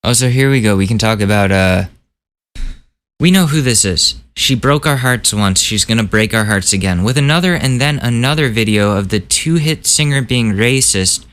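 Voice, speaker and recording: A man's voice: medium pitch, animated, normal speed, a bit bright. A man hosting a casual news podcast, ranting and joking with plenty of swearing. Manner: ranting, profane, jokey. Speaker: podcast host.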